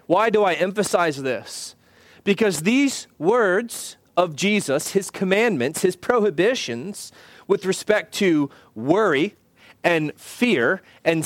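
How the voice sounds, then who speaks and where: A pastor preaching a sermon in an earnest, measured way, slowing down to stress key phrases. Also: male voice, high-pitched, dry recording. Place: church.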